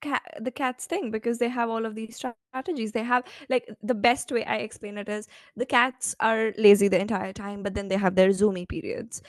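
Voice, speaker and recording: A woman coach chatting as a podcast guest, telling animated stories and laughing often. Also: a little high, moderate pace, hardly any pauses, dry recording, clean studio sound. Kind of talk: casual podcast interview.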